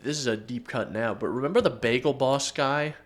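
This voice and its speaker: A man's voice: medium pitch, brisk, soft background music. A man co-hosting a podcast, telling stories in loose casual chat, laughing and acting out quotes. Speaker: podcast co-host.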